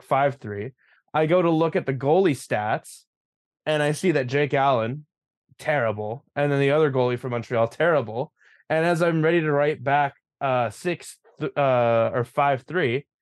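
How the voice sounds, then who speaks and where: A man co-hosting a sports podcast, telling a story in an animated way, swearing and laughing as he goes. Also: mid-range voice, no echo, studio quality. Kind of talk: casual sports chat.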